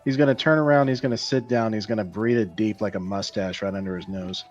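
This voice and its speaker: A man's voice: on the low side, steady tone, fast talker, lo-fi sound, soft background music. A man playing a tabletop game, playfully describing his character's actions. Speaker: player.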